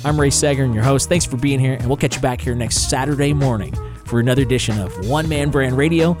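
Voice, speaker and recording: A man's voice: medium pitch, quick pace, music in the background. A man hosting a weekend radio talk show, speaking upbeat into a studio microphone as he wraps up the hour. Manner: upbeat, wrapping up with sign-offs. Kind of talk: radio interview.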